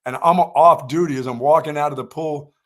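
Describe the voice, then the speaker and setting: An older man from North Carolina co-hosts a sports talk show with a slightly raised pitch. He tells a long, rambling story in easy conversation and throws himself into the quoted lines. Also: steady tone, fairly quick. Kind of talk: casual storytelling chat.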